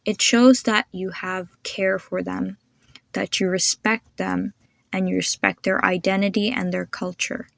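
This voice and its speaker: Young woman, podcast host, patient and encouraging, slow clear demonstrations, dry close sound. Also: medium pitch, steady tone, a bit bright, no room sound. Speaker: podcast host teaching name pronunciation. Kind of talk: instructional podcast.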